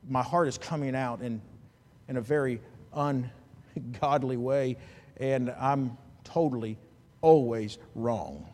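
A man preaching a sermon as a pastor, animated, swinging between loud and hushed, with chuckling asides. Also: medium pitch, long reverb tail.

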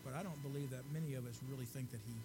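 A man preaching a sermon in an earnest, conversational way, often dropping to a soft hush. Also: mid-range voice, steady tone, very fast, music in the background.

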